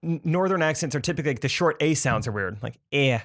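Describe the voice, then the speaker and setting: A man co-hosting a podcast in casual chat, excitable and laughing often. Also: fairly high pitch, fast talker. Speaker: podcast co-host.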